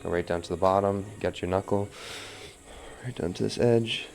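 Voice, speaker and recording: A man's voice: deep voice, steady tone, moderate pace, vocal fry, faint music behind. A man teaching wheel-throwing as he works, talking through each step and counting pulls under his breath. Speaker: pottery instructor. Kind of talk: live throwing demonstration.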